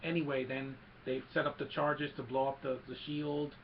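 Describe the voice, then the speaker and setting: A film reviewer with a fairly high, level voice eagerly recaps a movie plot at a moderate pace. He rambles and keeps restarting his thoughts, and the lo-fi recording sounds dull with a faint hiss.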